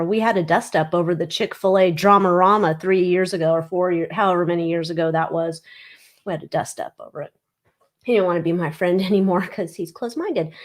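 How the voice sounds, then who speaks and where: A woman hosting a casual livestream, chatting bluntly and reading viewer comments. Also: on the low side. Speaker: livestream host.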